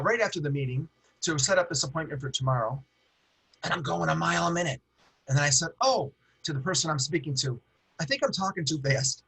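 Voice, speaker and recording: A middle-aged man teaching over a video call, rattling along at a quick, animated pace. His voice sits a little high and sounds bright and husky. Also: rough recording. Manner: fast-talking, animated, with hand gestures. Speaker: guest trainer on a webinar. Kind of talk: casual webinar teaching.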